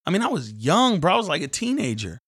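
A man hosting a devotional podcast, telling a story in an animated, casual, preacher-like way. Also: high voice, fast, husky, no room sound, studio quality. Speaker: podcast host.

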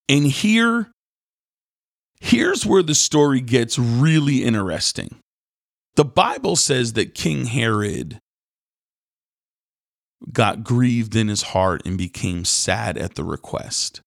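A podcast host and preacher takes his time retelling a Bible story, his lowish voice carrying vocal fry. He keeps it casual and slangy, animated as he voices the characters in quotes, recorded in studio quality with no room sound.

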